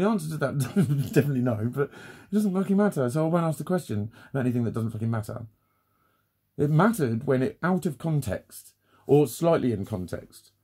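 A man's voice: mid-range voice, dark tone, slightly rough. A man vlogging, swearing constantly and often laughing through an exasperated rant. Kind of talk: unscripted ranting monologue.

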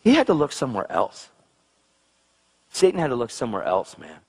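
Fairly quick and with a breathy edge, this man preaches excitedly, moving between low, intense stretches and loud, high-pitched exclamations.

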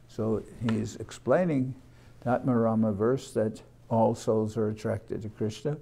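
A man, a monk leading a morning class, reading scripture aloud in a measured way, repeating phrases and adding short explanations. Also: fairly low pitch, gravelly, dark tone. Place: ashram class room.

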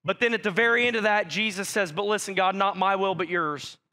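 A man preaching a sermon with a very high, bright voice. He talks to the congregation in a direct, conversational way, calling them out plainly. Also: a little fast. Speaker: pastor.

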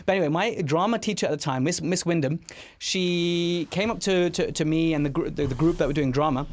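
A man hosting a podcast and talking enthusiastically, often restarting his sentences. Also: fairly high pitch. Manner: enthusiastic, rapid, with frequent restarts. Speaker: podcast host, dentist. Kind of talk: casual conversational interview.

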